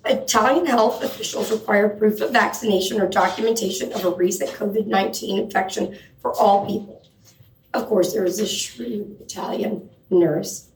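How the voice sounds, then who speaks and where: A woman's voice: medium pitch, darkish tone. A woman co-hosting a comedy news segment on stage, joking and self-absorbed and urging the audience to laugh. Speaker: comedy co-host. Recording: echoey room from far off.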